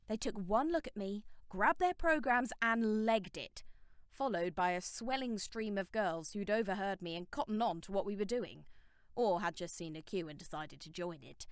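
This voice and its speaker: A woman narrating a teen novel audiobook in the first person, wry and expressive. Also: medium pitch, normal speed, clear, resonant tone, dry recording, clean studio sound.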